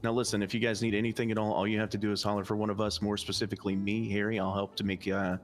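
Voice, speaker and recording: A man's voice: fairly low pitch, level tone. A man playing a fawning restaurant manager in an improvised game role-play, talking eagerly. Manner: eager, fawning, talks fast.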